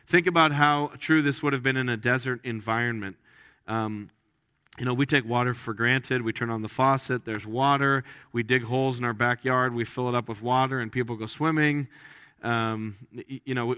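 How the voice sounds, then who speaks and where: In a dry, studio-quality recording, a pastor speaks with a bright, forceful, medium-pitched voice. Preaching in a church sanctuary, he takes a conversational, joking approach and frequently restarts what he's saying.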